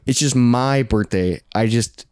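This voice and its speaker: A man's voice: medium pitch, measured pace, darkish tone, clear, resonant tone, dry recording, studio quality. A man in his late twenties, co-hosting a podcast in casual chat, blunt and profane, laughing often. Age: 20s. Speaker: podcast co-host.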